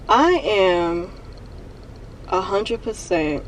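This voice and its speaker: A young woman vlogging from her car, venting and on the verge of tears, talking in a halting way and repeating herself. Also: mid-range voice, distant mic, slight background noise, poor audio. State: emotional, near tears. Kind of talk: emotional confessional vlog. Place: parked car.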